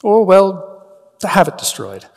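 A man's voice: sits high, sing-song, measured pace, in a large hall, pitched above the performer's own voice, exaggerated voice. A man voicing a frightened young male hobbit in a dramatic reading, his words raised, strained and stammering. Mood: pleading.

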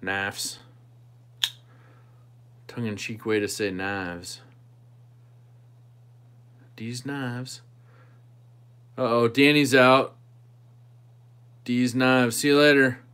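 A man's voice: mid-range voice, fairly even intonation, measured pace, fairly bright tone, clear, resonant tone. A man hosting a knife channel livestream, chatting casually with viewers and thinking aloud while he tinkers with a knife.

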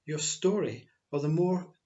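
Guy talking slow and thoughtful about waking up, kinda high voice, dull lo-fi sound. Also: mellow. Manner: slow, reflective, repetitive phrasing. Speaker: spiritual teacher. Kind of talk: spiritual monologue.

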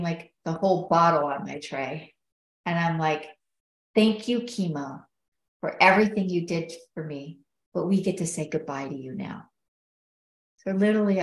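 A middle-aged woman with a lowish voice recounts her own story in an earnest, reflective way. She talks it through as a guest and quotes what others said along the way. The room around her is noticeably roomy and echoey. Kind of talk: personal storytelling in conversation. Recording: roomy echo.

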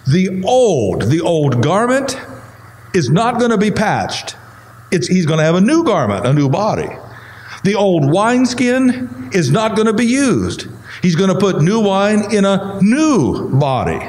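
A pastor whose voice is going hoarse, teaching a Bible study in a conversational way and asking the listeners questions. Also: male voice, high-pitched, sing-song, a little slow, a little mellow.

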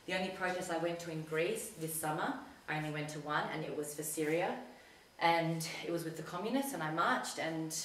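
A woman telling a personal story in a casual talk to an audience, chatty and animated when she quotes herself. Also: deep voice, brisk, a little hiss or hum. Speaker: community talk speaker. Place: community centre hall. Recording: echoey hall recorded from a distance.

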